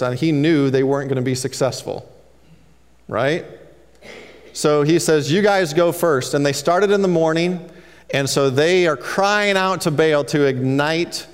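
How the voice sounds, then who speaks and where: A man's voice: mid-range voice, smooth, in a large hall. A man preaching an expository sermon, retelling the scripture story in casual everyday paraphrase.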